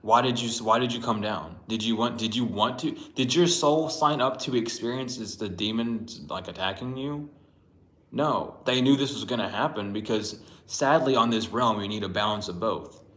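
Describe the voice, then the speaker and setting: This tarot reader has a mid-range, slightly bright voice and keeps a moderate pace. Blunt and profane, he rambles through a laid-back spiritual reading, and the room gives his voice an echo.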